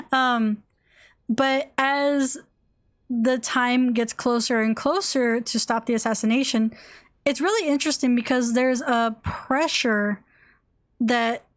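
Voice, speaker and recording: A young woman streamer talks casually while she plays, rambling and gushing, with plenty of fillers and restarts. Her voice sits a little above average. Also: on the high side. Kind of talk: casual chat while gaming.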